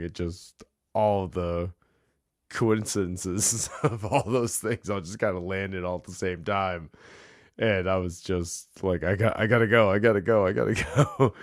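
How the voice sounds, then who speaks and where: A man with a low voice hosts a casual solo podcast from a small home bar. He tells stories in an easy, rambling way and breaks into laughter often. The sound is close and dry. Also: no echo. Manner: laughs often through the story. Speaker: podcast host.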